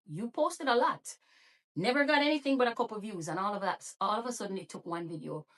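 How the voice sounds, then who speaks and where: A woman's voice: medium pitch, far from the mic. A woman with a Jamaican accent, a YouTube creator and therapist, talking in a casual motivational vlog and encouraging viewers with many rhetorical questions.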